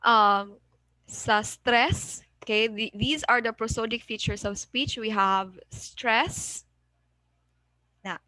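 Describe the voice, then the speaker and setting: Slow, bright-voiced woman teacher. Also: a little high, dry recording, rough recording. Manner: slow, deliberate, switching between English and Cebuano, frequent "okay?" checks. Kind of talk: classroom review lesson.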